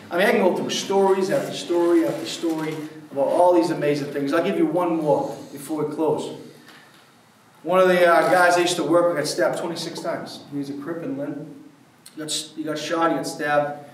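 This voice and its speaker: A man's voice: fairly high pitch, a little hiss or hum. A man who works in prison ministry tells stories to a church men's group in a casual, rambling way full of fillers. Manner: casual, filler-heavy, with many "like"s. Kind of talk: storytelling talk to a church group. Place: church hall. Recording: very echoey hall, mic far off.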